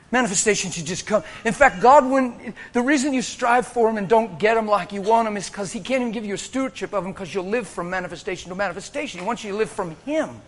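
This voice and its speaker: A man preaching in a high, bright voice. He tells his story with animated energy and breaks into shouts and laughter. His tone is sharp and forceful. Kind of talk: sermon.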